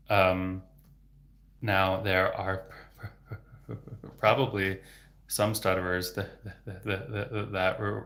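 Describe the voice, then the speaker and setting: A man's voice: on the low side, fairly bright tone. A man who stutters heavily, repeating sounds and words, answering questions casually as a livestream host. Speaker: livestream host and speech therapist.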